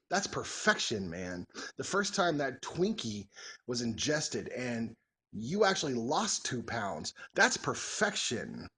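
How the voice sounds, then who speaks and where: A man's voice: medium pitch, fairly bright tone, slightly rough. A man in his forties chatting casually as a vlogger, answering follower questions in a joking, rambling, folksy way. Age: 40s. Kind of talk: casual Q&A chat.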